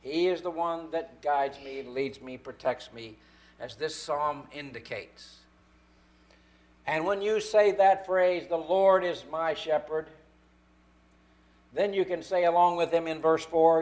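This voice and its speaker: A man delivers a sermon in a fairly high voice. He leans on key phrases, slowing down to stress them one word at a time. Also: a little mellow. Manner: emphatic, slow stresses on key words. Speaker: preacher.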